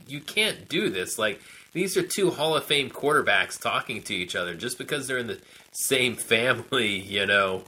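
A man chatting casually as a podcast co-host, unhurried, chuckling and hedging as he talks. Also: medium pitch, bright, forceful tone, poor audio. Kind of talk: casual chat.

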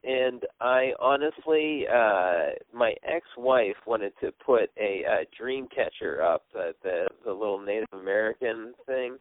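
A man's voice: on the low side, measured pace, few pauses, no echo. A man hosts a laid-back podcast chat, leaning on filler words as he gathers his thoughts. His voice comes through narrow and tinny, like a phone line. The sound is dry, with no room around it. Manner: relaxed, hesitant with many fillers. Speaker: podcast host.

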